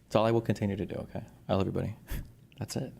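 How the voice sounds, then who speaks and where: Male political streamer talking super fast, dismissive, arguing his point hard. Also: fairly low pitch, fairly even intonation, vocal fry, dark tone, husky. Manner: brisk, dismissive and argumentative.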